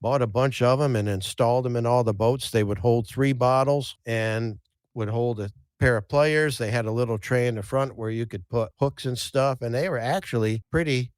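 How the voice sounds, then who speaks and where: A man hosting a podcast tells relaxed fishing anecdotes, folksy in tone and full of restarts and repeated words. He speaks at a moderate pace in a mid-range voice, with a dry recording and clean studio sound.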